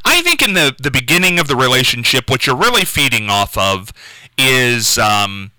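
A man hosting a call-in radio show, talking unscripted and halting, often repeating words and restarting. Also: medium pitch, big pitch swings, pushed and bright, dry recording, poor audio. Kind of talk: casual unscripted call-in talk.

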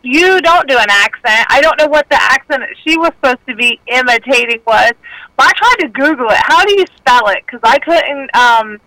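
A woman's voice: high voice, animated, normal speed, pushed and bright, dry recording. Folksy woman caller on a phone line. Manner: talkative, self-deprecating, folksy. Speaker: radio caller. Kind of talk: casual phone-in chat.

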